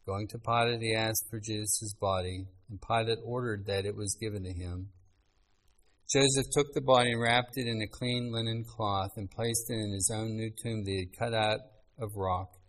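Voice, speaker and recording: A man delivers a sermon, reading scripture aloud with earnest, measured phrasing. His voice sits on the low side. He pauses to let the passages land. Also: fairly even intonation, a bit bright, poor audio. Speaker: preacher.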